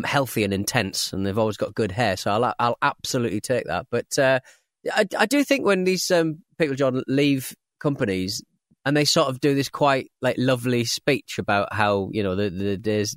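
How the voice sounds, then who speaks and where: A man's voice: mid-range voice, moderate pace, no echo, clean studio sound. A man co-hosting a gaming podcast, talking casually with frequent stammered restarts and bursts of laughter. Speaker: podcast co-host. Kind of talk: casual chat.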